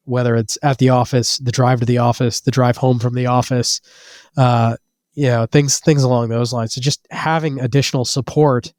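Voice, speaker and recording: A man's voice: mid-range voice, darkish tone, no echo, clean studio sound. A man with a cold and a nasal voice, answering interview questions casually, repeating words as he goes. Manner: halting, repeats words, many fillers. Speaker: guest, business owner.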